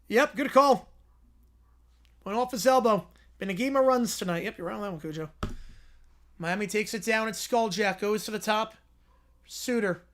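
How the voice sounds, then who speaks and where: A man hosting a live-stream, giving play-by-play reaction commentary with a strained, cracking voice. He rushes excitedly through the big plays and drops into quiet, low asides to answer chat.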